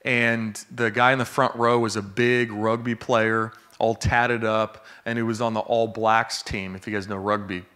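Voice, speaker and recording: A man's voice: fairly low pitch, a little slow, hardly any pauses, clean tone. Casual, conversational man preaching a sermon. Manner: casual and conversational, with many fillers and tag questions; gets excited and laughs while joking. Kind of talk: sermon with a story.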